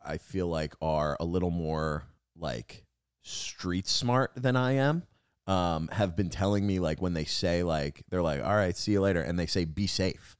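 A man's voice: low voice, measured pace, smooth, no room sound, clean studio sound. A man chatting casually among comedians, musing and slipping into put-on voices for bits. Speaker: comedian, podcast co-host. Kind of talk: casual chat.

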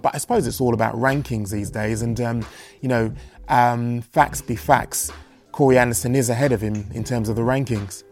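Gravelly man hosting. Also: mid-range voice, a little mellow. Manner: measured, thoughtful, with hesitant restarts. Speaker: podcast host and interviewer. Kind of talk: casual chat. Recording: dull lo-fi sound with faint music.

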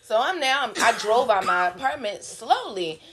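A woman's voice: on the high side, moderate pace, a crowd in the background. A woman co-hosting a casual podcast, telling a story animatedly, laughing and swearing, acting out what people said in AAVE. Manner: animated, laughing, swearing freely, acts out quotes. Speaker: podcast co-host.

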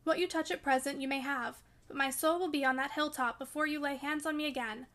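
A woman's voice: sits high, fairly even intonation, a little fast, a bit bright. A woman reading as a feverish, passionate young woman, raving and fierce in a storybook reading.

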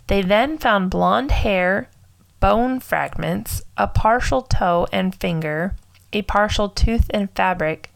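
Young woman podcaster, bit of vocal fry, giggly and tongue-tied, casual crime chat. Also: medium pitch, takes it slowly, rough recording. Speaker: podcast co-host.

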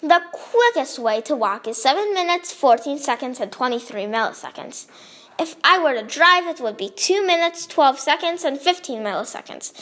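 A woman reading her own story aloud in a lively, expressive way. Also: high voice, normal speed.

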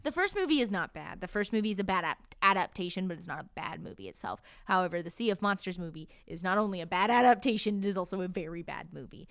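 A woman's voice: lowish voice, sing-song, quick pace, few pauses, a bit bright, no echo, studio quality. A woman co-hosting a podcast, chatting casually about a book and often laughing and acting out quotes. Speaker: podcast co-host.

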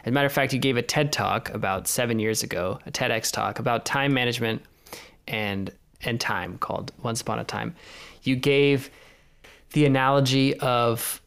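A man's voice: mid-range voice, moderate pace, creaky, a bit bright. A man in his twenties hosting a podcast, affirming his guest before he asks the next question. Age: 20s. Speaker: podcast host. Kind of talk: conversational podcast interview.

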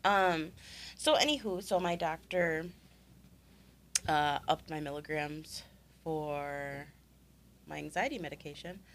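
A woman's voice: low voice, takes it slowly, pauses often, fairly bright tone. A young woman in casual, self-mocking chat with a friend, telling a story and laughing easily.

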